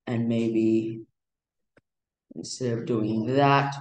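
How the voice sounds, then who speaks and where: A man teaching music theory in a casual, halting way, with many fillers and restarts. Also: medium pitch, reverberant, poor audio. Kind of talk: casual explanatory lesson.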